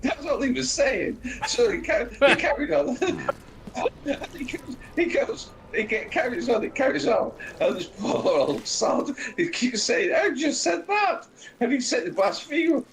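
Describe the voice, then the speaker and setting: A man in his fifties chatting on a game livestream, excitable and laughing through his own storytelling. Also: very high-pitched, a little slow, rough recording. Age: 50s. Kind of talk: casual chat.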